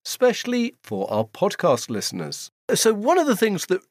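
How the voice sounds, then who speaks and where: A man's voice: sits high, huge pitch swings, moderate pace, no room sound, studio quality. A man hosting a radio and podcast interview, asking questions and laughing along with his guest.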